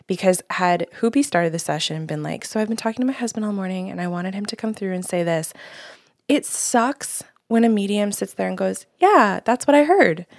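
A woman's voice: medium pitch, a little fast, creaky, darkish tone, dry recording, studio quality. A woman psychic medium giving friendly advice to clients in casual chat, with asides and rhetorical questions. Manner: explains with asides and rhetorical tags.

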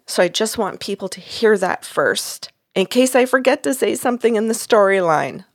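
A woman's voice: medium pitch, no echo, clean studio sound. Chatty woman telling a story. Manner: chatty, giggly, self-deprecating. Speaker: podcast co-host and psychic medium. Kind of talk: casual storytelling chat.

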